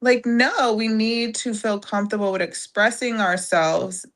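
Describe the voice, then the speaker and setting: A woman speaking in a casual podcast conversation, reflective and halting, with many fillers and restarts. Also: a little high, fairly even intonation, a bit bright. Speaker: podcast guest.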